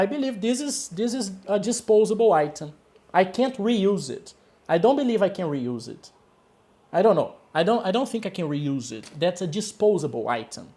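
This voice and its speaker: A man with a Brazilian Portuguese accent gives a one-on-one English lesson. His pitch rises and falls in a lively way as he repeats key words. He keeps checking in with the student. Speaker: English teacher.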